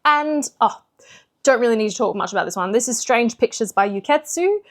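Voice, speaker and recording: A woman book vlogger in casual chat, chatty and animated with lots of fillers. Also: on the high side, fairly quick. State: slightly out of breath.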